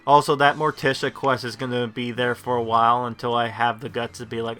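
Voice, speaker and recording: A man's voice: mid-range voice, flat delivery, fairly quick, few pauses, bright, forceful tone. A man hosting a casual gameplay video, rambling through his commentary with many restarts. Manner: rambling, lots of fillers and restarts. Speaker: gameplay host.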